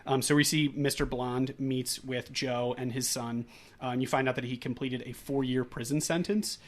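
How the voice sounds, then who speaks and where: A man's voice: mid-range voice, fairly even intonation, normal speed. Male podcast co-host, casual plot recap, rambling delivery. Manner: recaps the plot at length with many fillers and restarts. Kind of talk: casual movie podcast chat.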